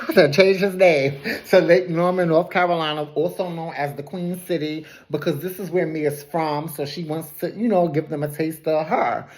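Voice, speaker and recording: A woman with a deep, darkish voice recaps a reality TV episode casually, like she's sharing gossip. She laughs often and throws shade along the way. Her phrasing stays loose and colloquial, with frequent self-corrections.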